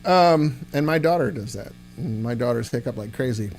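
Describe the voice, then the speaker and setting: An amp-building livestream host talks casually and rambles through replies to chat, leaning heavily on filler words. His mid-range voice moves at a moderate pace with a little hiss or hum, while a loud guitar amp plays behind him.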